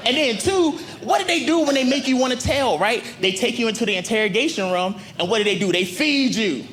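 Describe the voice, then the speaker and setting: A man's voice: very high voice, fairly quick, soft background music. A man doing a stand-up set on a comedy club stage, chatty and slangy, talking into a handheld mic. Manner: animated, conversational, slangy. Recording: live club with audience noise.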